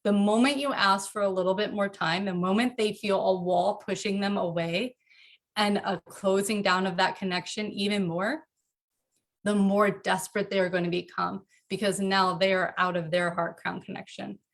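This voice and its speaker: Woman, earnest casual interview talk, animated, laughs easily, middle pitch, at home. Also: moderate pace. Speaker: podcast guest, author.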